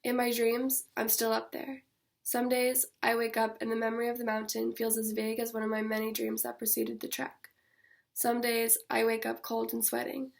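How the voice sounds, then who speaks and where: A young woman, an author, reading her own fiction aloud in a measured, steady first-person voice. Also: on the high side, creaky.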